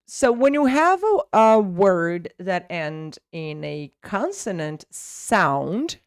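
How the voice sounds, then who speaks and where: Woman, Brazilian Portuguese accent, English teacher, lowish voice, dry close sound. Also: clear, resonant tone, dry recording. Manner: explanatory, repeats words for pronunciation drills. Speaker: English teacher and channel host. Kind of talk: English lesson from news.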